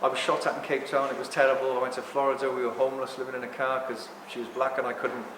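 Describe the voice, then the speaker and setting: A man in his sixties talking to a live audience in a rambling, animated way, often apologizing for ranting. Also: mid-range voice, fast talker, background noise. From England. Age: 60s. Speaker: speaker at a talk. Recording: echoey hall with long reverb.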